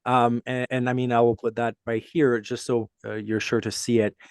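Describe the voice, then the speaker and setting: A man with a French accent co-hosting a podcast in casual chat, talking in halting bursts with frequent restarts and fillers. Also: medium pitch, little pitch movement, clean tone, no room sound, clean studio sound. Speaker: podcast co-host.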